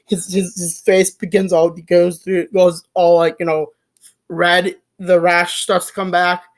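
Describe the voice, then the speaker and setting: A young adult recapping a film in a casual, excited, rambling way, with frequent swearing, restarts and filler words. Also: medium pitch, a little slow. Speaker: movie reviewer. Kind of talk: casual spoken movie recap.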